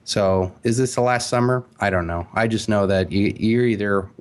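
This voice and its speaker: A man speaking as an interview guest, emphatic and animated, with frequent fillers and restarts. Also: fairly low pitch, moderate pace. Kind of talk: casual interview talk.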